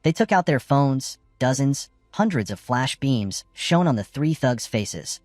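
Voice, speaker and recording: A man's voice: measured pace, dry recording, faint music behind. A man narrating a comic story recap in a scripted way, his voice jumping up for quoted lines. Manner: lively, jumps pitch for quoted lines.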